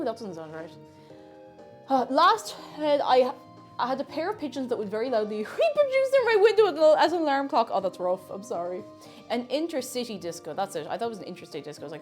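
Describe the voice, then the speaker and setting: A woman's voice: fairly high pitch, big pitch swings, a little fast, faint music behind. A woman streamer chatting playfully while she cooks on a livestream, now and then breaking into silly noises. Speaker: livestreamer and VTuber. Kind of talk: casual chat while cooking on a livestream.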